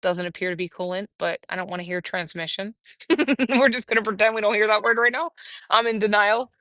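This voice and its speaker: A woman hosting a casual livestream, telling a story in a chatty, animated way with laughs. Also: mid-range voice, fairly quick, no echo. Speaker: livestream host.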